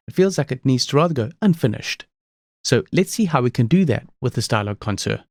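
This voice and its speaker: A man presenting a screen-recorded software tutorial, explaining each step calmly. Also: medium pitch, fairly quick, dry recording, clean studio sound.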